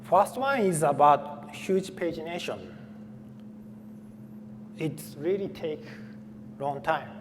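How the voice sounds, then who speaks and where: A man giving a technical conference talk, speaking haltingly with frequent fillers and restarts. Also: fairly high pitch. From Japan. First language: Japanese. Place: conference hall. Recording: faint hall reverb, light room noise.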